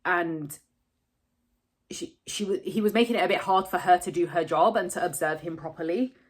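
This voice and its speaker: A woman speaks to camera in a somewhat low, husky voice, close to tears. She tells a personal story candidly and at length, with frequent swearing. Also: moderate pace. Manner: candid, rambling, swears freely. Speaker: vlogger.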